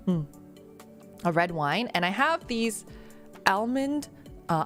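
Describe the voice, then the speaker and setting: A woman's voice: medium pitch, expressive, slow, faint music behind. A young woman streaming a casual Q&A, rambling through stories with lots of fillers, restarts and giggles. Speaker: VTuber streamer. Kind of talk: casual Q&A chat.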